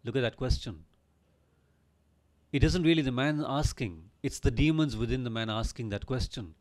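A man's voice: mid-range voice, lively intonation, moderate pace, a little mellow. Earnest male Bible storyteller. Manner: storytelling with rhetorical questions. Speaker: Bible teacher.

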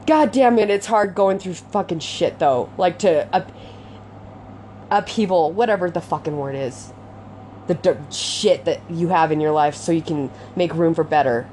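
A woman's voice: fairly low pitch, moderate pace, darkish tone, slight background noise. A young woman venting to her audience in an unscripted confessional talk, rambling and frustrated, swearing often and filling with "like".

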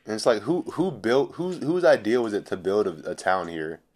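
A young man chatting casually on a podcast, skeptical and deadpan, often trailing off quietly. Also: fairly low pitch, normal speed. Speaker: podcast co-host.

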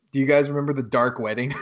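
Animated, swearing male podcast co-host. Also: medium pitch, highs cut off. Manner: animated storytelling, heavy swearing, bursts of laughter. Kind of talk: casual podcast chat.

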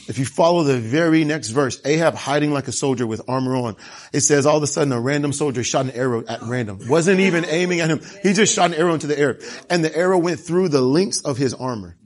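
A man's voice: medium pitch, a little fast. A man preaching a sermon, telling the story with animation and asking rhetorical questions. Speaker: pastor.

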